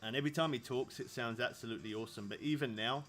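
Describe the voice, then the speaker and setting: A man's voice: mid-range voice, very fast, fairly bright tone, soft background music. A man in his thirties from England, rambling casually to his viewers while streaming a fishing game. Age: 30s. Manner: rambling, chatty, laughs often. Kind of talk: casual live-stream chat.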